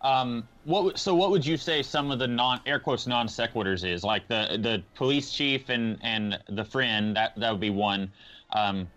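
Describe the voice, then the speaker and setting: A man's voice: medium pitch, moderate pace, fairly bright tone. A man co-hosting a podcast, talking about a film in a hesitant way with many restarts. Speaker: podcast co-host. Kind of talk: casual film discussion. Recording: slightly dull podcast audio.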